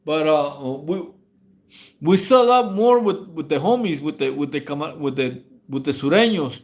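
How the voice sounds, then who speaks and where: High-voiced rambling storyteller man. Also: lively intonation, moderate pace, a little mellow. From Mexico. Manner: rambling, stammering slang-heavy storytelling with frequent laughs. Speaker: livestream host. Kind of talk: casual prison stories on a livestream.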